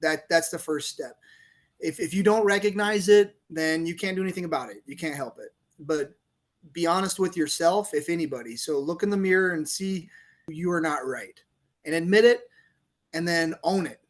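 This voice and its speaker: A middle-aged man, a police officer turned author, telling a story on a podcast in a lively, laughing way and acting out the quotes. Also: fairly high pitch, moderate pace. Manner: animated storyteller, laughs often, acts out quotes. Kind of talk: casual storytelling interview.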